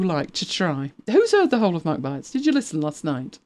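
A woman's voice: low-pitched, huge pitch swings, fairly quick, hardly any pauses, a little mellow. A woman in her fifties hosting a podcast in casual, rambling chat, laughing often and now and then dropping to a whisper. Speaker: podcast co-host.

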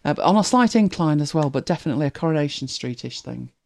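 A streamer from northern England with a softened northern English accent, chatting casually to viewers while reacting to videos, musing aloud and laughing often. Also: mid-range voice, animated, fast, gravelly.

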